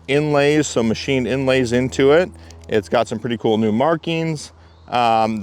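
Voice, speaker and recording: A man with a smooth, resonant voice talks through climbing gear in a relaxed review. He explains each detail in a chatty, step-by-step way and sits at a middling pitch for a man.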